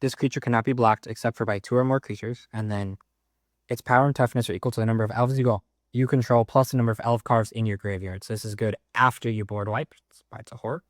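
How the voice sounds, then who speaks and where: A man casually walking through a card game deck, reading card text aloud with quick offhand comments. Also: mid-range voice, steady tone, no room sound, studio quality.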